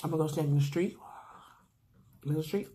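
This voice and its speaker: A young woman with a low-pitched voice tells a story on camera in a loose, slangy way, talking straight to her viewers between bites. A faint hiss of background noise sits under her voice. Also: a little fast. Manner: animated, slangy storytelling with laughs. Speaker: mukbang vlogger. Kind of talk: casual storytime while eating.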